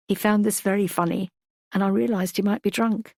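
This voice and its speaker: A woman reads a first-person thriller audiobook at a mid pitch, measured and reflective. Her storytelling is steady and thoughtful. The recording is dry and close, with no room sound. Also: vocal fry, no room sound. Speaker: audiobook narrator.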